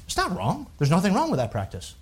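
A man preaching a sermon, reading scripture aloud in a rising, emphatic voice and dropping low and quiet to explain his points. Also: huge pitch swings, quick pace, breathy edge.

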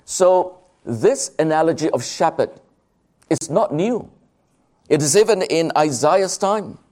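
A man preaching a sermon, slow and emphatic, drawing out key words. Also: on the high side, animated, a little mellow.

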